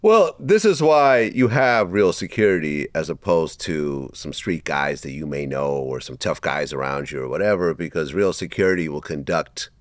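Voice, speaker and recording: A man hosting an interview, giving short prompts and measured commentary. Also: a bass voice, lively intonation, no room sound, studio quality. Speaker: interview host.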